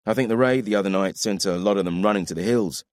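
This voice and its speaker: Narrator playing a wry old-hand soldier, joking and grinning, audiobook. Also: male voice, lowish voice, fast, no echo, voice pushed up, natural voice. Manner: wry and teasing. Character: teasing grinning male veteran warrior.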